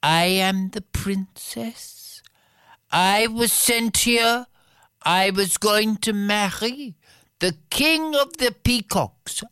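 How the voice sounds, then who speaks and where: A woman storyteller voicing a gentle young fairy-tale princess who speaks earnestly and graciously. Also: fairly high pitch, takes it slowly, clean tone, dry recording, clean studio sound, pitched above the performer's own voice.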